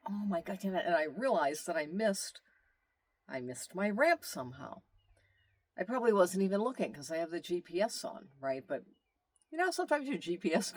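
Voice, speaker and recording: A man telling a long road-trip story in casual, rambling storytelling, animated, with asides and exclamations. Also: high voice. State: tired. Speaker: vlogger telling his travel story.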